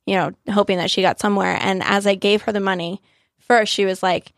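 A woman's voice: medium pitch, steady tone, fairly quick, vocal fry, no room sound, clean studio sound. A woman in her thirties telling a personal story in casual chat, earnest and emotional, acting out what people said. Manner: earnest, emotional retelling with quoted dialogue.

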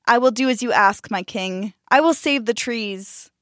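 A woman voicing a brave, humble male kiwi bird in a storybook, speaking quietly and earnestly. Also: a little high, measured pace, dry recording, studio quality.

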